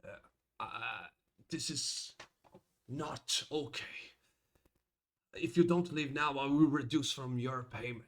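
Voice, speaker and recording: A man voicing a stern, tyrannical middle-aged mayor who issues halting threats in a tabletop role-playing game. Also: medium pitch. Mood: threatening.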